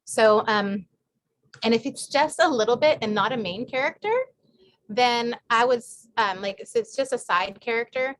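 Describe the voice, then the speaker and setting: A woman's voice: a little high, moderate pace. A woman author answering questions in a casual group chat on a video call, talking with many fillers and restarts. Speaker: guest author. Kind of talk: casual online group talk.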